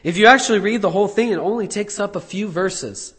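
A man with a fairly high voice talks through a scripture passage like a teacher, measured and explanatory, now and then stumbling over a word and restarting. His voice carries a long reverb tail, as if he is in a large, echoing room. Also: fairly bright tone, slightly rough. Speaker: Bible teacher. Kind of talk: explanatory Bible study talk.

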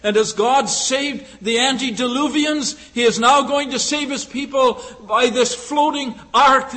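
Male preacher, high voice, storytelling sermon, rhetorical questions, halting fillers. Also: sharp tone, rough recording.

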